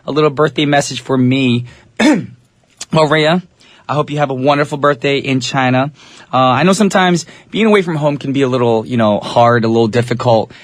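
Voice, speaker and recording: A young man hosting a radio show in a studio, chatting casually and talking straight to his listeners, his voice a little raspy. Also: mid-range voice, no echo. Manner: easygoing, chatty, addresses listeners directly. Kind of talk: English-language radio DJ chat.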